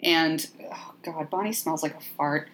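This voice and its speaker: A woman's voice: low voice, measured pace, slight background noise. Sardonic woman podcast host. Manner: sardonic, profane, animated storytelling. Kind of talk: casual movie recap chat.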